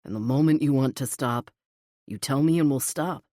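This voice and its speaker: A gentle, confident young man with a low, soft, tender delivery, put on by a woman narrating. He murmurs rather than speaks, in a deep register. The recording is dry and close, with no room sound, as in an audiobook. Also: moderate pace, dry recording.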